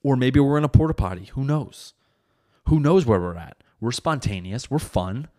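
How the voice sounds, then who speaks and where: A young man hosting a podcast, telling a comedic monologue in a profane, animated way with sudden loud bits. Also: mid-range voice, normal speed. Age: young adult. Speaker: podcast host.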